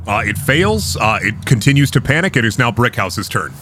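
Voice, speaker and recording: A man narrating as game master of a tabletop game, relaxed and full of ums and uhs. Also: medium pitch, normal speed, slight background noise. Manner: relaxed, with frequent fillers.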